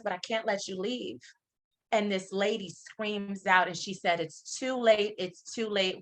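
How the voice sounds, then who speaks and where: A middle-aged woman, a guest in a casual interview, telling a personal story in an animated, candid way, often pausing on "um". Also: on the low side. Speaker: interview guest, company founder.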